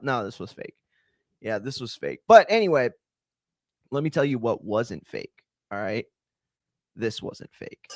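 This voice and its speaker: Male host, casual swearing reaction commentary, lively swooping pitch, dry close recording. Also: no room sound. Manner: animated, profane, rambling with restarts.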